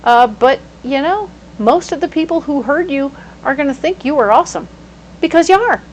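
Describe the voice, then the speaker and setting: Playful animated woman reading tarot. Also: sits high, normal speed, slight background noise, poor audio. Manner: animated, playful, with sudden exclamations. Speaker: tarot reader.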